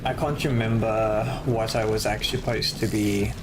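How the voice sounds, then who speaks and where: A man's voice: on the low side, steady tone, normal speed, noisy background. A man streaming a video game and chatting casually with friends, joking and swearing as he plays. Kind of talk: casual gaming stream chat.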